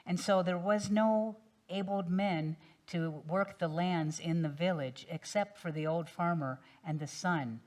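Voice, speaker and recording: A woman minister telling a parable during a sermon in a relaxed, gentle storytelling manner. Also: lowish voice, measured pace, few pauses.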